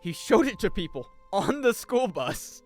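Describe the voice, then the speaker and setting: A man's voice: high-pitched, sing-song, a little slow, a little mellow, faint music behind. A young man, chatting casually on a gaming stream, joking, swearing freely and rambling. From United States.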